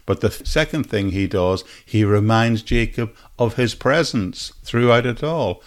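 A man with a fairly low voice teaches scripture on his podcast in an earnest, devotional way. He often repeats a phrase to drive it home and turns to the listener with rhetorical questions. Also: measured pace. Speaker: Bible teacher and podcast host. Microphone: podcast microphone.

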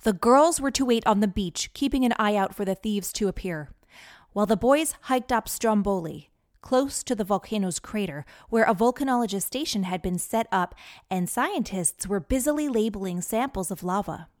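A woman narrating a children's adventure story in a lively, clear manner. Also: medium pitch, moderate pace.

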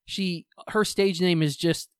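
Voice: mid-range voice, takes it slowly, smooth, no echo, clean studio sound. A podcast co-host chatting casually, swearing often and ranting with energy about shows they love and hate. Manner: profane, animated ranting.

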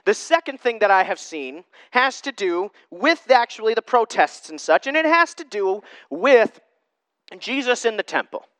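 A man with a notably high voice gives an informal sermon, pressing his points with repeated rhetorical questions. His delivery is emphatic and direct. The recording is dry and close, with no room sound. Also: sing-song, normal speed, fairly bright tone, no room sound. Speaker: Christian preacher.

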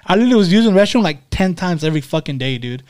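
Joining the podcast remotely from Mexico, where he currently is, a male co-host spins a lengthy, swear-filled story in casual chat. His voice is high-pitched with a darkish tone, and he talks rapid-fire with lively intonation. He rambles and keeps coming back to "dude" and "fucking."

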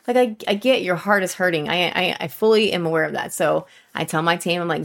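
A woman's voice: on the low side, fairly quick, gravelly, hardly any pauses. A woman who hosts a podcast and runs a pool business, telling a story in a casual, candid way with swearing and acted-out quotes.

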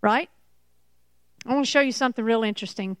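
A woman preaching a Bible sermon, slow and emphatic, repeating key points. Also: fairly high pitch, clean tone, dry recording. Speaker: Bible teacher.

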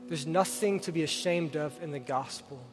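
Man, pastor, earnest sermon, slightly high voice, long hall reverb, faint music underneath. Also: moderate pace. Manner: earnest, asks the listeners direct questions. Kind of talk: sermon with storytelling and prayer. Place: church sanctuary.

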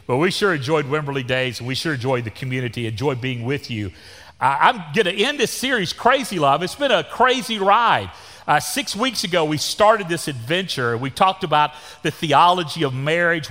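A Texan pastor in his sixties preaches in a church with a long, ringing reverb. His voice is fairly high for a man and swings widely up and down. He keeps a folksy, joking tone full of down-home sayings. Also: pushed and bright. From Texas. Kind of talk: sermon. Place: church sanctuary.

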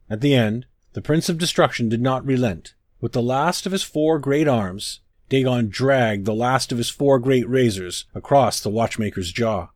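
A man's voice: mid-range voice, a little mellow, dry recording, clean studio sound. A man giving a solemn, declamatory scripted reading of an old sermon. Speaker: narrator.

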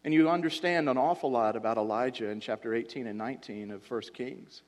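A man preaching a sermon as a pastor, impassioned, his voice swelling and then dropping low for emphasis. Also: a little fast. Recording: long hall reverb.

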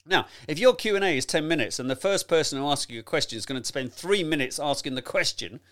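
A man coaching on presentation skills in a chatty, animated teaching talk, addressing the listener directly and laughing often. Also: a little high, quick pace.

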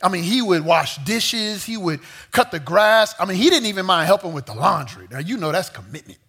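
Bright, lively young-sounding male preacher. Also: high voice, fairly quick, slightly rough. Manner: lively, joking asides to the audience. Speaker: youth pastor. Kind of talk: sermon with storytelling.

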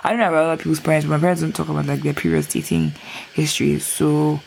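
Low-pitched gravelly young woman chatting. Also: big pitch swings, rapid-fire, darkish tone, a little hiss or hum. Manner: chatty, many fillers like "like". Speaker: podcast co-host. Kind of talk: casual chat.

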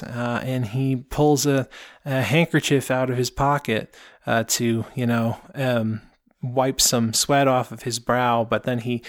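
A man tells an improvised story in his own voice, rambling, restarting and filling pauses. His voice sits at an ordinary male pitch. The recording is close and dry. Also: dry recording. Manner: rambling, many fillers and restarts.

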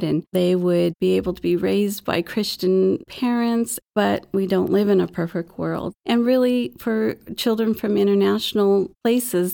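Woman, middle-aged, adoptive mother, interview guest, heartfelt, gravelly. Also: mid-range voice, a little mellow. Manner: heartfelt, earnest storytelling. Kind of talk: personal interview testimony.

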